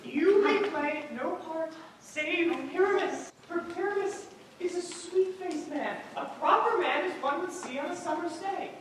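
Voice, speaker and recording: A woman's voice: very high-pitched, a little slow, a little hiss or hum. A woman playing an earnest carpenter who directs a group of amateur players on stage. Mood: organizing. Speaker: stage actor. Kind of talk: stage play performance. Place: theater stage. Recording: echoey stage from far off.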